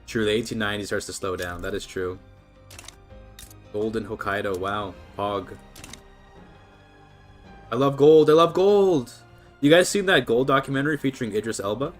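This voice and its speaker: A man's voice: lowish voice, fairly quick, fairly bright tone, faint music behind. A Canadian man from British Columbia casually commentating a strategy game on a livestream, chatting easily and answering his chat. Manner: chatty, laid-back, reads and answers chat. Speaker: streamer.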